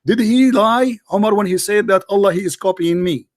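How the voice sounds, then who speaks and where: High-pitched combative man, hoarse. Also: fairly quick, no room sound, clean studio sound. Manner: combative, interrupting, insulting caller. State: voice getting hoarse. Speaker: debate show host. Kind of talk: heated live call-in debate.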